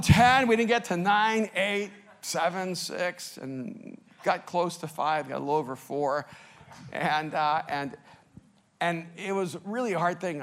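A middle-aged male pastor preaching with stories, laughing at himself and swinging between loud bursts and hushed lines. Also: a little high.

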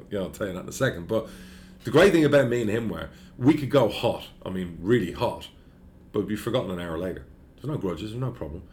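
Deep fast-talking blunt man. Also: slight background noise. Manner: blunt, profane, animated storyteller. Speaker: football club chairman. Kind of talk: anecdotal interview storytelling.

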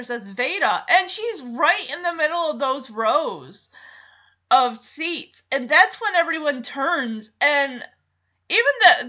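Bright, lively woman recapping a movie. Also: sits high, lo-fi sound. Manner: emotional, chatty storytelling.

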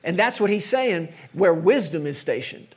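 A middle-aged man preaching a sermon in a conversational way, sometimes dropping to soft, emphatic tones. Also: high voice, lively intonation, moderate pace, slightly rough. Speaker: pastor.

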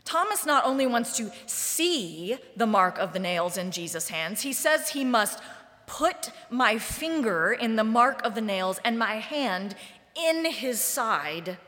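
A woman pastor preaching a sermon in a church sanctuary, deliberate and wry in a conversational way, with the long reverb of the sanctuary around her voice. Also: fairly high pitch, very animated, sharp tone. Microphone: live-streamed service mic.

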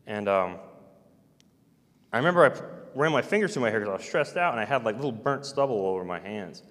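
A man telling a long personal story in a halting, rambling way, with many fillers and restarts. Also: on the low side, animated, fairly bright tone. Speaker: storyteller recounting personal experiences. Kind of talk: rambling first-person account. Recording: long hall reverb.

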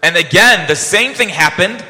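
Priest preaching in a reverberant church. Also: male voice, high voice, normal speed. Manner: animated, acts out remembered dialogue. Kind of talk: sermon storytelling.

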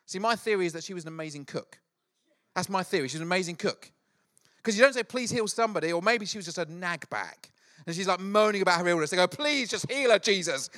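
Man, middle-aged pastor, high voice, animated storytelling sermon. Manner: animated storytelling with acted asides.

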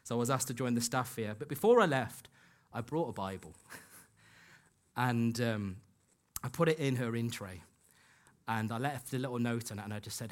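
A man's voice: medium pitch, normal speed. Man preaching an earnest story. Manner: earnest storytelling, acts out quoted dialogue. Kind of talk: sermon with personal stories. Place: church hall.

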